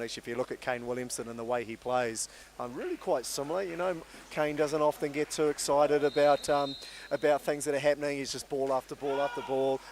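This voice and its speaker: A man giving live cricket commentary in a relaxed, measured, chatty way. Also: medium pitch, slight background noise.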